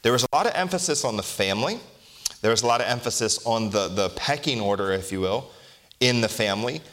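Preaching to his congregation, a man reads scripture with slow deliberation and asks rhetorical questions conversationally. He speaks at a medium pitch with a fairly bright tone.

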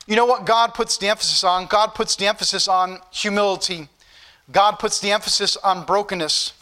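A pastor with a high, sharp-toned voice preaches a sermon, reading scripture aloud in King James wording and addressing the congregation directly.

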